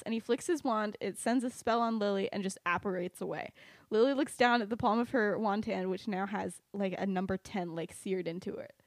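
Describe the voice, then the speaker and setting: A woman's voice: mid-range voice, fairly quick, a little mellow, dry recording, studio quality. A young woman casually retelling a fan-fiction story on a podcast, chatty, with lots of "like" and "um" and laughter. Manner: chatty, many "like" and "um", laughs at her own story.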